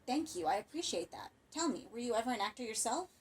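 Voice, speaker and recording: A woman's voice: on the high side, sing-song, fast, a little mellow, far from the mic, pitched above the performer's own voice. A woman reading an audiobook voices a blunt young male theater director who speaks tersely and asks pointed questions. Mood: puzzled.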